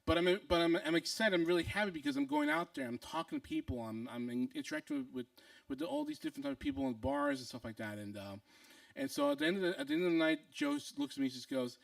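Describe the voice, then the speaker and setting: A man's voice: very high voice, wildly swooping pitch, fast, creaky, dry recording, distant mic. A young adult man telling a comic personal story to an audience, acting out other people's lines between fillers and restarts.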